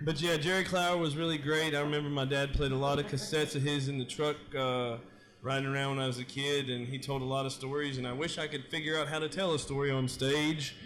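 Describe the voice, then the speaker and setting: A man's voice: mid-range voice, little pitch movement, fast talker, fairly bright tone. A man co-hosting a podcast, chatting loosely and joking, with casual swearing. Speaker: podcast co-host.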